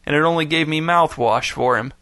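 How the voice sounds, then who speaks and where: A man voicing a brooding, sullen young boy in a storybook reading, in a flat, subdued tone close to his own. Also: on the high side, fairly quick, no echo. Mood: confessing.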